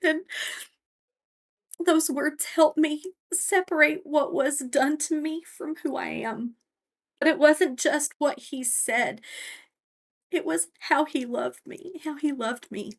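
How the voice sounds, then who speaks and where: A woman guest on a faith podcast speaking earnestly and reflectively about her own life in long, image-filled answers. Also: sits high. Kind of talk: personal testimony in interview.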